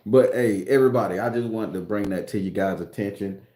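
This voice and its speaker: A man's voice: on the low side, normal speed, mellow. A man ranting casually to his viewers as a spiritual vlogger, profane, rambling and preachy. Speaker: spiritual tarot reader vlogger. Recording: roomy echo.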